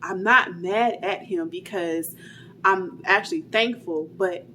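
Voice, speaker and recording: A woman's voice: lowish voice, slow, sharp tone, a little hiss or hum. A young woman casually telling a personal story, chatty and full of fillers, acting out what people said. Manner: chatty, retells dialogue, many "like" fillers.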